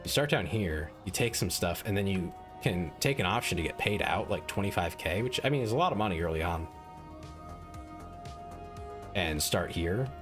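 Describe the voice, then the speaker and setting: A man's voice: deep voice, animated, normal speed, music in the background. A man streaming a strategy game, chatting casually and rambling in a self-mocking way, full of "like" fillers, into a desk microphone. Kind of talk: casual gaming stream chat.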